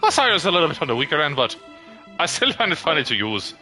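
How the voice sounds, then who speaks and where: A man streaming a video game live, chatting casually, swearing and reacting loudly. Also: fairly high pitch, big pitch swings, very fast, soft background music. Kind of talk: casual livestream gaming chat.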